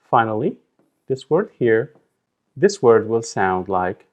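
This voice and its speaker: A man teaching a language lesson, slowly repeating words and breaking them into drawn-out syllables. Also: lowish voice, animated, phone-quality sound. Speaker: Arabic teacher. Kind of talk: slow instructional explanation.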